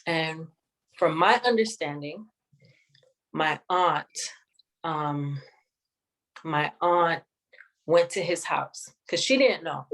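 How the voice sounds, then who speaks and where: A woman sharing a personal testimony in an interview, speaking in a measured, reflective way with many pauses. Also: sits low, a bit bright, rough recording. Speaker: guest sharing her testimony.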